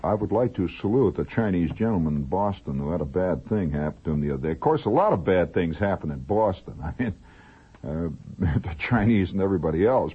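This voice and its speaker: A man's voice: sits low, animated, a little fast. A man with a Midwestern accent hosting a late-night radio monologue, rambling through stories with asides and chuckles. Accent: Midwestern American. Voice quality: husky. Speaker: radio host. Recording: tinny old radio broadcast, faint music.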